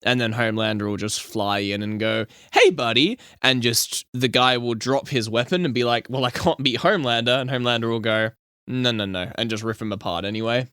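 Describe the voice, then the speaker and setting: A man's voice: medium pitch, fairly quick, fairly bright tone, clear, resonant tone, no echo, clean studio sound. A man hosting a podcast, explaining things in casual chat with lots of "um"s. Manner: explaining at length with many fillers. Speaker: podcast host.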